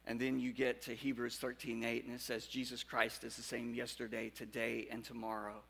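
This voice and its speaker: A man preaching a sermon to a congregation in a conversational way, drawing the audience in with questions and moving between loud, animated bursts and quiet, earnest passages. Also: mid-range voice, normal speed, creaky, slightly rough. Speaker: pastor.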